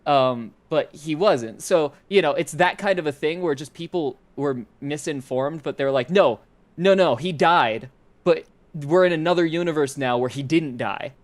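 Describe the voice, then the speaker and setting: A man's voice: fairly high pitch, normal speed, hardly any pauses. A man co-hosting a podcast, rambling casually with lots of fillers. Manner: rambling, uses many fillers. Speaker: podcast co-host. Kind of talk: casual chat.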